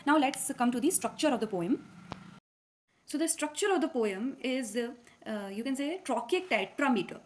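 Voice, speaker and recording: A woman's voice: sits high, expressive, normal speed. Indian-accented woman teaching, voice thick with a cold. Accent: Indian English. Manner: explains step by step, many fillers and checks. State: has a cold. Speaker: literature teacher. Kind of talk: classroom lecture.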